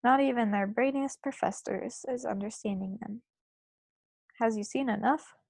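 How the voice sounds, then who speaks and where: A woman reading aloud and voicing a huge, gentle old male giant who talks in quirky broken grammar. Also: a little high, moderate pace, gravelly, no echo.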